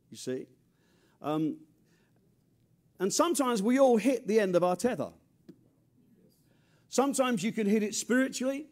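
Man, preacher, mellow tone, raised pitch, chatty sermon, stumbles and repeats words. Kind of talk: conversational sermon.

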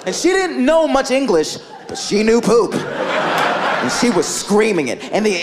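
A man telling a story on stage as a stand-up comedian, animated and full of "like", laughing through his lines. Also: sits high, unhurried, creaky. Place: comedy stage before a live audience. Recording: live audience crowd noise. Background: audience laughter.

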